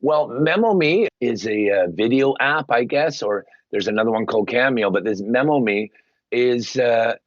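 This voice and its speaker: A man, a guest on an interview show, telling stories with lively, emphatic delivery and acted-out quotes. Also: moderate pace, no echo, lo-fi sound. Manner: animated storyteller, acts out quotes with big pitch jumps. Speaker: guest, paid sports superfan. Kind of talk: casual interview talk.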